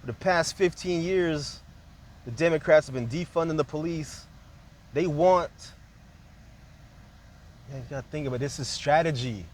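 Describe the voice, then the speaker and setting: A man's voice: on the high side, moderate pace, pauses often. A man talking in a loose, rambling monologue, jumping from point to point and peppering his speech with casual fillers.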